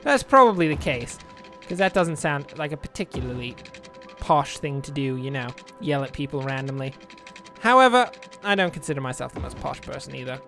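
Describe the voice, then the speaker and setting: A man chats his way through a city-building game at a middle pitch, drifting into self-mocking tangents. He sounds casual and unscripted. Quiet music plays faintly in the background. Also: sing-song, a little fast, vocal fry. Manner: rambling, self-mocking asides. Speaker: let's play gamer. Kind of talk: casual gameplay commentary.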